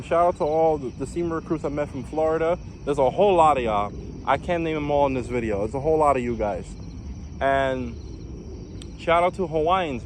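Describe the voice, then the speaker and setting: A man's voice: a little high, a little hiss or hum. Rambling young man from New York. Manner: rambling, many fillers and restarts. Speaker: vlogger, former navy recruit. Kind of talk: casual storytelling vlog.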